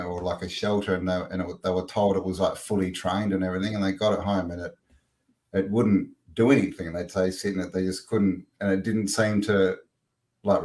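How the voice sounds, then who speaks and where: Man, lower voice, casual rambling story, podcast chat. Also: a little mellow. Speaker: podcast co-host.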